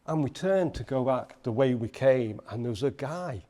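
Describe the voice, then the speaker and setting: A man's voice: medium pitch, normal speed. A man from Liverpool with a Liverpool accent, a podcast guest telling a story in casual chat and acting out the voices he quotes. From Liverpool, England. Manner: animated, acts out voices in quotes.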